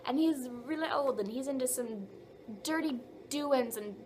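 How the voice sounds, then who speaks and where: A young woman with a fairly high voice tells a long dream story straight to her camera. She rambles loosely, leaning on fillers as the tale tumbles out. A faint hiss of noise sits under her voice. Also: moderate pace. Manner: rambling, filler-heavy, animated retelling of a dream. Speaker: vlogger. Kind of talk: casual storytelling.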